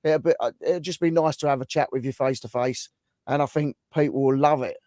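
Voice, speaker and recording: A man hosting a casual livestream, thanking viewers warmly while his voice goes hoarse. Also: medium pitch, a little fast, dry recording, studio quality. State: voice going hoarse. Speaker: livestream host.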